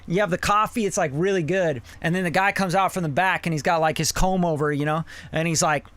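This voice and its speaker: A man's voice: on the high side, brisk, hardly any pauses, a bit bright, no room sound. A man hosting a live song review, giving blunt, profane mixing feedback in a casual, rambling way. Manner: blunt and profane, with many fillers like "you know".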